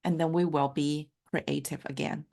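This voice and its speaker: A life coach whose first language is Mandarin speaks English in a low, creaky, dark-toned voice, steady in tone and at normal speed. Over a video call, she gives a heartfelt, encouraging live online coaching talk with frequent fillers.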